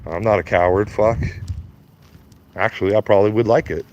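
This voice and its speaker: A man's voice: on the low side, fairly even intonation, fairly quick, darkish tone, slight background noise. A Canadian man in his fifties ranting on a live stream, blunt and profane, mocking his critics and laughing at his own jokes. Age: 50s. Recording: slightly dull lo-fi stream audio.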